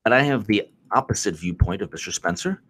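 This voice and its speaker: A man hosts a casual live stream of commentary and talks in a lowish voice. He circles back over the same points again and again and sounds sarcastic and exasperated. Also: lively intonation, a little fast, a bit bright. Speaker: political commentary host.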